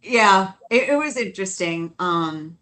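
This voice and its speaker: Animated woman co-hosting a podcast. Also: mid-range voice. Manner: animated, laughs often, talks in quick asides. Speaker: podcast co-host. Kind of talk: casual podcast chat.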